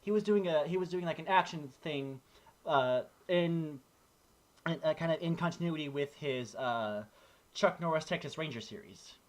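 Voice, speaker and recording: This podcast co-host speaks at a normal speed in a slightly high voice. His casual chat is full of rambling, animated storytelling, with frequent restarts along the way.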